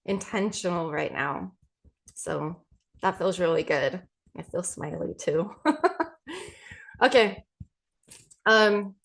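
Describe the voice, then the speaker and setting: A woman hosting her own podcast as a mindset coach, gently leading a tapping session and repeating affirmations with many pauses. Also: medium pitch. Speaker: podcast host and EFT coach.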